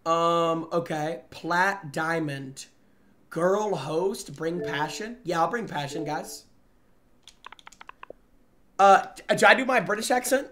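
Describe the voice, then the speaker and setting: A young man streaming a game, chattering excitedly to his chat in slangy, excitable commentary. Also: fairly high pitch, takes it slowly, long pauses. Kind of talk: live gaming commentary.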